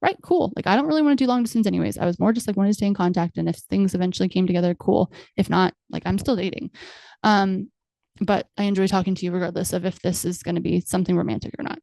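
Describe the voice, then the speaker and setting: A woman's voice: lowish voice, steady tone, fast talker, vocal fry, warm tone, no room sound. Chatty woman podcaster, dry sound. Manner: candid, chatty, many fillers and quoted self-talk. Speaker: podcast host. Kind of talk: personal storytelling monologue.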